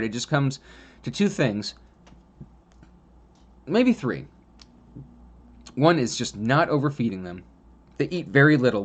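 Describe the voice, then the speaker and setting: A man talking casually about caring for pets, rambling with many fillers and restarts and laughing often as he tells stories. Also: medium pitch. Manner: chatty storyteller, laughs often. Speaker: vlogger on pet reptile and spider care. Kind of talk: casual monologue.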